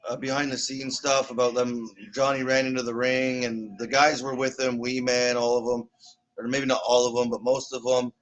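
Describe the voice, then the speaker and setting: A man co-hosting a live wrestling watch party, talking in a relaxed, hesitant way with many ums while recapping matches. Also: mid-range voice, moderate pace, rough recording. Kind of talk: casual live-stream commentary.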